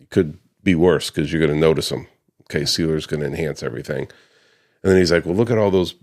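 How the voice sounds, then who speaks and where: With an extremely low, fry-heavy voice, a U.S. man who restores pavers casually relates a client conflict to camera. He acts out the people he quotes and keeps restarting, with plenty of ums.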